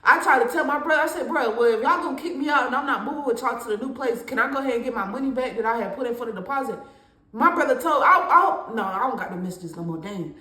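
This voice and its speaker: A young woman tells a personal story in a candid, conversational way. Her voice sits a little high. The recording has a noticeable room echo. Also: lively intonation, fast, pushed and bright. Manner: candid, conversational, with laughs and slang. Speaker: storytime vlogger. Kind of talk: casual storytime monologue.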